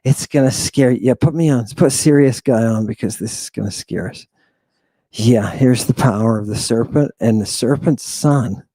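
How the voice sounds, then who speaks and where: A man's voice: mid-range voice, moderate pace, warm tone, no echo. A man hosting a livestream lecture, emphatic and sighing often, breaking into asides and checking that his audience understands. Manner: emphatic, keeps asking the audience if they understand. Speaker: host.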